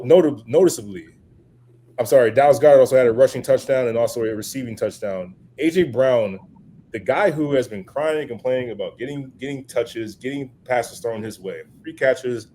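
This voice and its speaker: Dark-voiced man reading off game stats. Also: mid-range voice, normal speed, slight background noise. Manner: listing stats, then asking his guest. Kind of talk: casual sports talk.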